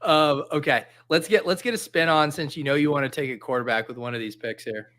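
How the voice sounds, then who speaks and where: Excitable man hosting, laughing often. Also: on the high side, brisk. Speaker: host. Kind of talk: casual livestream chat.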